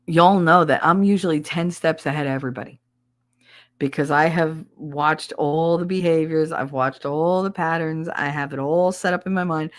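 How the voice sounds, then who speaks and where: A woman's voice: low-pitched, steady tone, moderate pace. A middle-aged woman with a thick regional American accent, chatting bluntly and confidingly on a casual livestream, swearing freely. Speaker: streamer.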